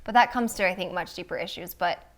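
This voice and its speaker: A young woman co-hosting a casual chat among moms, chatty and animated, often laughing as she talks. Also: fairly low pitch, fast. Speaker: co-host.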